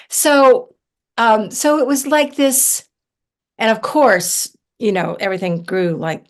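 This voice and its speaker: A woman from southern Ohio tells stories as a podcast guest. She talks in an animated, chatty way, with lots of fillers and asides, at a middle pitch. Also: normal speed. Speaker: herbalist guest. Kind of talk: casual storytelling interview.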